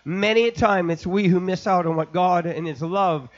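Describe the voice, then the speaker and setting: A man preaching an impassioned sermon, building from quiet storytelling to shouting. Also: high voice, normal speed, muffled recording. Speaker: pastor.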